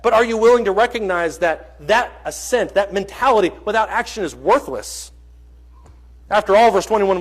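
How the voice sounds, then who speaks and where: Preaching in church, a man delivers an earnest, emphatic sermon with a voice that sits high. He reads scripture and pauses to correct himself, adding small jokes.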